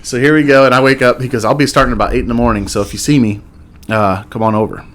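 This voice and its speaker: A man's voice: mid-range voice, fast talker. A man in his thirties, a guest on a casual podcast, telling stories and laughing as he quotes his neighbors. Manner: laughs through stories, lively quoting of neighbors. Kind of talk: casual storytelling chat. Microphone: podcast mic at a table.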